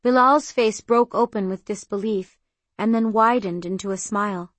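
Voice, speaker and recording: A woman's voice: mid-range voice, dry recording. Woman narrating an audiobook, dry and close. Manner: even, measured first-person reading. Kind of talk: scripted narration. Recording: very dry close studio sound.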